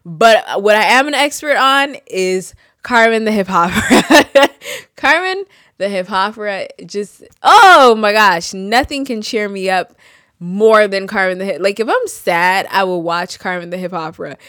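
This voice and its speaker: A young Haitian woman hosting a podcast, talking in an animated, chatty way full of fillers and asides. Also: medium pitch, a little slow, no room sound, clean studio sound. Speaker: podcast host. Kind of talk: casual solo chat.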